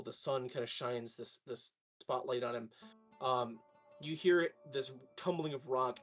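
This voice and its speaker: A man serves as game master for a tabletop game over a stream, narrating haltingly with many fillers. His voice is mid-range, and faint music plays behind him.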